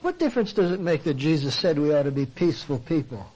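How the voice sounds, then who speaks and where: A man's voice: a little high, expressive, quick pace, hardly any pauses, warm tone, rough recording. An older man giving a conversational sermon, asking rhetorical questions and acting out his listeners' objections. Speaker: Christian speaker and counselor. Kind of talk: sermon talk.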